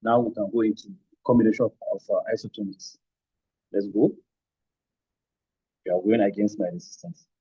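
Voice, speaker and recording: A man leads a hands-on physiotherapy demonstration, calling out brief commands between explanations. His voice is dark and husky, and the recording sounds dull and lo-fi in a teaching room. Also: lowish voice, fairly even intonation, moderate pace, pauses often. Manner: short commands mixed with explanations. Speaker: physiotherapy instructor. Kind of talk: hands-on demonstration with verbal cues.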